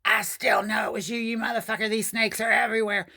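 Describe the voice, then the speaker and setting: A storyteller voicing a drunk, furious woman neighbor who yells accusations. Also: medium pitch, little pitch movement, fast, pitched above the performer's own voice. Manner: yelling, accusing.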